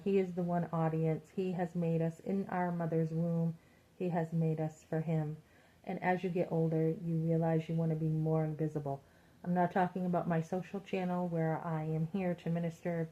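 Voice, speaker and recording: Chatty middle-aged woman giving a pep talk, mellow low-ish voice, kinda muffled audio. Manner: chatty, retells conversations with quoted voices. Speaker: Christian women's vlogger. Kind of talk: casual motivational talk. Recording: muffled lo-fi sound.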